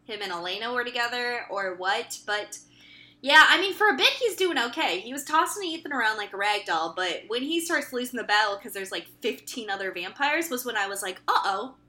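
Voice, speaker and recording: A woman's voice: fairly high pitch, sing-song, fairly quick, sharp tone. A woman co-hosting a casual book-recap podcast, chatty, laughing and casually profane. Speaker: podcast co-host.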